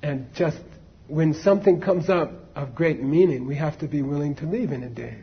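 A man's voice: fairly high pitch, moderate pace, slightly rough, muffled recording. A man giving a casual Buddhist dharma talk, telling a story conversationally with many asides to his listeners. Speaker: Buddhist teacher.

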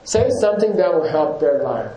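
A man's voice: fairly high pitch, big pitch swings, moderate pace, dark tone, roomy sound, poor audio. A man, a yoga teacher, giving a casual rambling talk to his class, often chuckling and correcting himself.

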